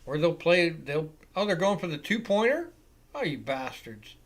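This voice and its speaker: A man hosting a live football reaction show, giving excitable, profane play-by-play commentary. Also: on the high side, normal speed. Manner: excitable and profane, swears freely.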